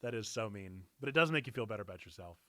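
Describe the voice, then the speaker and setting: Excitable man streaming a video game. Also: lowish voice, rapid-fire, very noisy. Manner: excitable, bursts into shouting over game events. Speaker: church gaming streamer. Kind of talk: live gameplay commentary.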